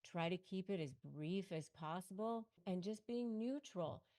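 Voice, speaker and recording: A woman's voice: medium pitch, unhurried, mellow. Emphatic middle-aged woman coach. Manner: emphatic, punchy repeated phrases. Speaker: lawyer and negotiation coach. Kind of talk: motivational advice to camera.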